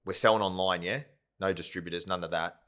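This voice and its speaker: Quick-paced and steady in tone, a low, somewhat bright male voice belongs to a company founder on a podcast. In a relaxed interview he wanders through his story, often asking "yeah?" or "right?".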